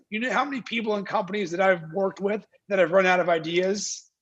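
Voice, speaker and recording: This guest, who founded a marketing agency, gives energetic interview talk over a video call: emphatic, full of rhetorical questions and imitations of his clients. His voice sits high and husky, with a steady tone at a moderate pace, and the highs are cut off.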